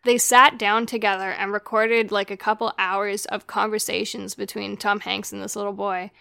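A woman's voice: mid-range voice, level tone, moderate pace, creaky, bright, forceful tone, smooth, no room sound, studio quality. A woman in a casual chat about a film, talking with fillers and trailing sentences. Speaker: podcast co-host discussing a film.

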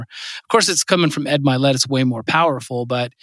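A man's voice: medium pitch, a little fast, a bit bright, no room sound. Earnest man hosting a podcast. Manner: earnest, encouraging, filler-heavy. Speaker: podcast host. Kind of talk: casual chat.

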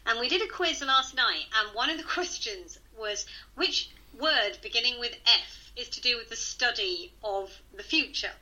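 A woman co-hosts a chatty podcast, laughing at her own jokes and apologizing for bad puns. Her voice is sharp and bright, set a little high, and it rises and falls a lot. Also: expressive, normal speed, few pauses, rough recording. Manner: giggly, self-mocking about her puns. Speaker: podcast co-host. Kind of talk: casual chat.

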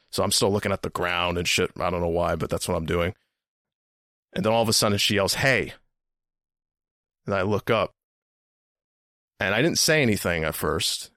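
A man hosts a podcast, rambling through a story in a casual way, repeating words and swearing now and then. His voice sits on the low side and is a bit bright. The recording is dry and studio-clean.

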